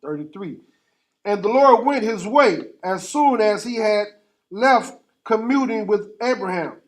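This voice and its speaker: A man reading scripture aloud in a Bible class, steady and formal, going through old-fashioned verse verse by verse. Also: sits high, unhurried. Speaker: scripture reader.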